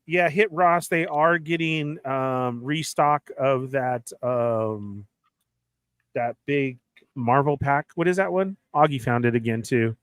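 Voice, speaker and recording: A man hosting a casual chat about toy figures, telling animated stories and acting out what others said. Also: mid-range voice, slow pace, smooth, dry recording, studio quality. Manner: animated storyteller, acts out quoted exchanges. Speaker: podcast host.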